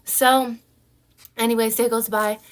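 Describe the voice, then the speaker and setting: A woman's voice: fairly high pitch, measured pace. A young woman vlogger telling a personal story in casual chat, full of "like" and "right?". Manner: animated storytelling, frequent "like" and "right?" fillers.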